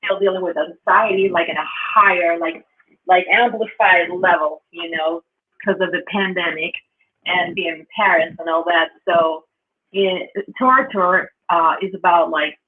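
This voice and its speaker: A man guesting on an interview as a band member, talking in halting bursts with many fillers. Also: high-pitched, steady tone. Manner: halting, full of fillers and restarts. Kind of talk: casual interview chat. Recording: tinny phone-like line.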